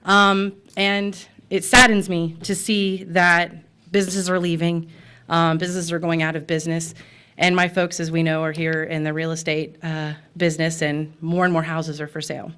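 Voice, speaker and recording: A woman's voice: lowish voice, level tone, normal speed, fairly bright tone, smooth. Impassioned American woman at public comment. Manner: impassioned, emotional, with fillers. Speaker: public commenter, pet store owner. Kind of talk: public comment at a city meeting. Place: city commission chamber.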